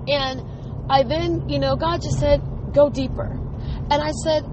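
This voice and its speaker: A woman with a high voice tells a heartfelt personal story in a candid, emphatic way, firmly repeating what she once said. A faint hum sits behind her. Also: steady tone, brisk. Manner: earnest and emphatic, reenacting her own stern words. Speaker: mother telling a personal story.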